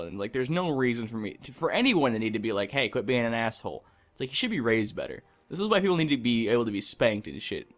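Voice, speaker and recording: A young gaming-channel host with a medium-pitched, somewhat bright voice chats casually as he plays. His let's-play commentary rambles into profane rants full of swearing.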